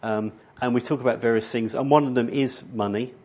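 A man's voice: medium pitch, fairly even intonation, a little fast, darkish tone, husky. A middle-aged man preaching a sermon in a church hall, rambling and conversational, with many restarts. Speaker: pastor.

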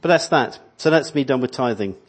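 A man's voice: medium pitch, expressive, brisk. A middle-aged man preaching a sermon in a church hall, rambling and conversational, with many restarts. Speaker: pastor.

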